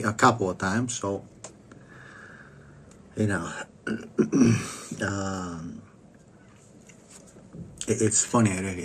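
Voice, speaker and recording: A man delivering a rambling, profane self-help monologue to the camera, blunt and crude, often clearing his throat and coughing. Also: deep voice, a little hiss or hum. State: coughing after a dental visit.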